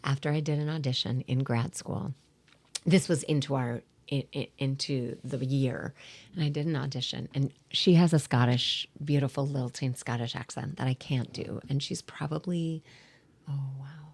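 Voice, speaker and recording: A woman from South Dakota talks in a strikingly deep voice, rough with vocal fry and a husky, breathy edge. She tells rambling stories as an interview guest, full of ums, and often slips into soft whispered asides. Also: fairly even intonation, normal speed. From South Dakota, USA. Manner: rambling storytelling with many fillers, dropping into soft whispery asides. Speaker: guest, actor and theater teacher. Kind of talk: casual interview chat.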